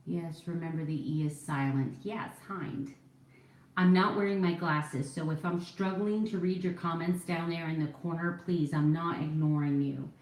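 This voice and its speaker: A woman in her forties rambles cheerfully while putting on makeup at home for her vlog, often teasing herself. Her low, darkish voice holds a steady tone at a moderate pace. The sound is roomy and the recording quality is low.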